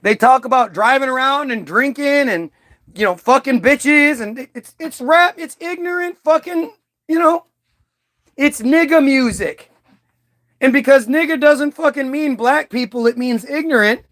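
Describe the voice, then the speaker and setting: A man old enough to recall early-2000s hits addresses the camera in a heated, profane monologue, rambling with frequent restarts and asides that trail off. The adult video commentator has an extremely high-pitched, slightly bright voice and a somewhat slow pace.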